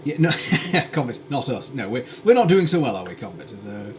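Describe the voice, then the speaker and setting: In his home kitchen, a British man from the UK chats wryly while cooking on a live stream, drifting into tangents and dry asides. His medium-pitched voice is sing-song at normal speed over a noisy background.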